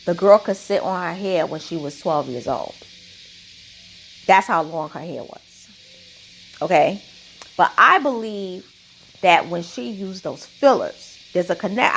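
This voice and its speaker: A woman's voice: mid-range voice, fairly bright tone, rough recording. A woman giving an opinionated commentary monologue, emphatic and repeating her points with a questioning "okay?".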